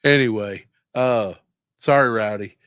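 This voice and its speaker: A middle-aged tattoo artist chats on a livestream, unhurried and drawn out. He rambles in a laid-back way and swears freely. The sound is dry, with no room around it. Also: lowish voice, a bit bright, clear, resonant tone, dry recording. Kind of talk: casual livestream chat.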